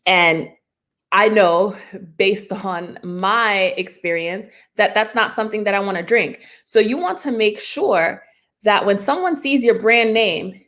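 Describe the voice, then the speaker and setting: A woman's voice: medium pitch, expressive, slow pace, fairly bright tone. A woman intellectual property lawyer giving a conversational continuing-education talk, explaining plainly with everyday examples and mock client talk, laughing often between fillers and restarts, over a video call.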